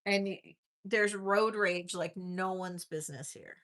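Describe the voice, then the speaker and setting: A middle-aged woman hosts a live vintage jewelry sale, mixing casual, rambling chat and storytelling with auction calls, saying "like" constantly and laughing easily. Her voice is mid-range and fairly bright, with a measured pace.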